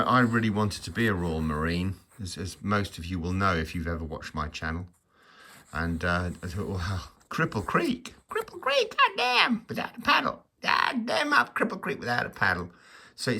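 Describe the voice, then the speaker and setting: A low-voiced man with a bright, forceful edge rambles through a casual review on his own channel. He stammers, trails off into asides and gently mocks himself along the way. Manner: rambling, stammering, self-mocking with chuckles. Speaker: channel host.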